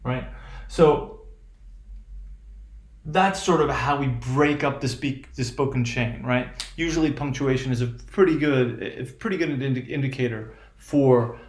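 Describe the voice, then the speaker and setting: A man's voice: medium pitch, measured pace. Man lecturing with frequent "right?". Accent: American. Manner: hesitant, many fillers and "right?" checks. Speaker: teacher. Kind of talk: classroom lecture on intonation. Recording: echoey room.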